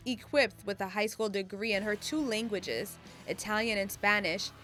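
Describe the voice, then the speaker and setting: A woman reads scripted documentary narration in a smooth, measured way. Her voice sits at a middle pitch. Faint music plays beneath her. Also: a bit bright.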